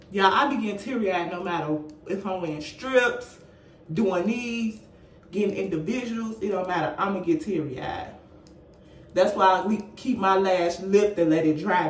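Chatty woman vlogger in an echoey room. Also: fairly low pitch. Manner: chatty, addresses viewers as y'all, laughs often. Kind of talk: casual makeup tutorial. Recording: echoey room, faint noise.

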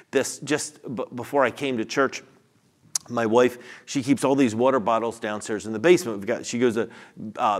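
A middle-aged man preaching a sermon as a church pastor, conversational and personal, building to louder emphasis. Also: mid-range voice. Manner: conversational, with self-deprecating asides and rising emphasis. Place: church sanctuary.

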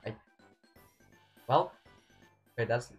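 A young man commentating his own gameplay, excitable, swinging between yelling and muttering at the game. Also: extremely slow, faint music behind. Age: young adult. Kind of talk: let's play commentary.

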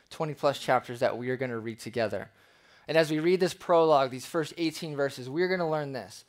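Lively pastor preaching a sermon. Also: male voice, on the high side. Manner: conversational, lively preaching with asides.

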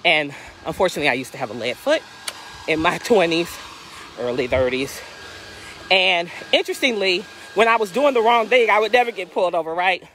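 A woman's voice: on the low side, brisk, a little hiss or hum. A woman in her fifties, a life coach, telling a personal story in a casual testimony style and acting out the dialogue in different voices. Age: 50s. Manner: animated, acts out dialogue in voices. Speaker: life coach and inspirational speaker.

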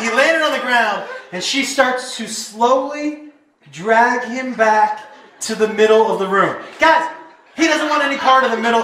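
A man performing stand-up comedy, telling a story with animated energy and shouting his punchlines, recorded live in a comedy venue over audience laughter. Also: very high voice, noisy background. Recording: roomy live venue, heard from a distance.

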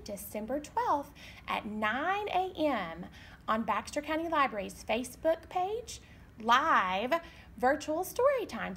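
A woman librarian leading a baby storytime, reading aloud in a slow, sing-song, expressive way. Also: high-pitched, slight background noise. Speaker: children's librarian.

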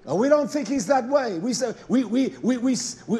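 High-voiced impassioned male preacher. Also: very animated, moderate pace, few pauses. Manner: impassioned, swings from quiet asides to shouting; repetitive, rhetorical questions to the congregation. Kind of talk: sermon.

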